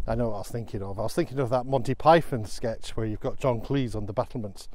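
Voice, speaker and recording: A man's voice: mid-range voice, quick pace, darkish tone. A man talking casually to camera on an outdoor walk, thinking things through aloud as he goes. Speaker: vlogger. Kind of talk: casual walking vlog.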